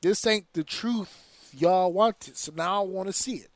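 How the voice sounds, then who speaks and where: A man's voice: high voice, measured pace, no echo. A man hosting a podcast, giving casual wrestling commentary as a heated, profane rant full of slang. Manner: slips into slang and mimicked voices. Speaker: podcast host.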